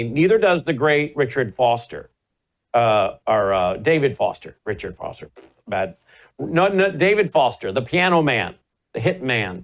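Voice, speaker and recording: A man hosting a talk show, chatting casually and telling rambling, self-deprecating stories. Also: mid-range voice. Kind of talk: casual chat.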